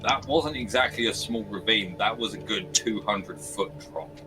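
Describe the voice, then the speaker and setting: Low-voiced game master. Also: male voice, normal speed, rough recording. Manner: rambling, filler-heavy narration. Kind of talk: narrating a tabletop game. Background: background music.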